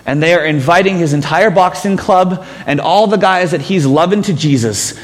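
A man's voice: sits high, moderate pace, big-room sound. A man preaching a sermon as pastor, telling stories with self-mocking humor.

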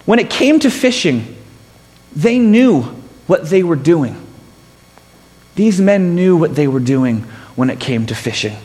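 A man's voice: fairly high pitch, big pitch swings, a little slow, pauses often, a little mellow, long reverb tail. A man preaching a sermon as pastor, telling stories with self-mocking humor.

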